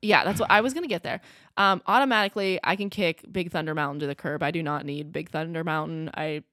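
Lively woman chatting, low voice. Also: fast, no room sound, studio quality. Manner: animated and self-deprecating, laughs between phrases. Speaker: podcast co-host. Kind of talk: casual chat.

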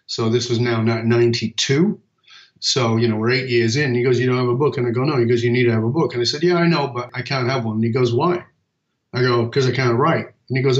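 A middle-aged man, a speaker and author, talking as a guest on an interview show and telling stories with acted-out dialogue. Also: mid-range voice. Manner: animated storyteller, acts out dialogue. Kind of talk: storytelling interview talk. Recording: roomy, dull remote audio.

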